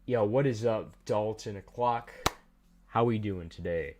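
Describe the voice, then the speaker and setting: Low-voiced man casually chatting on a livestream. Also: a little slow, background noise. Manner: joking, rambling, talks to chat. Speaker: livestream host.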